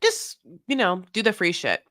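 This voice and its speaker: A woman co-hosting a podcast, chatting casually and animatedly about a reality show, with plenty of swearing and quick impressions of people. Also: mid-range voice, dry recording, clean studio sound. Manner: animated, profane, mimics people in put-on voices. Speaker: podcast co-host.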